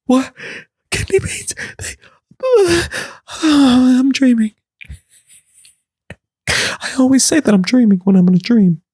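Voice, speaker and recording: A man doing a shrill flustered sister. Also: slow, pauses often, darkish tone, slightly rough, no echo, clean studio sound, exaggerated voice. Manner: shrill, panicky, indignant.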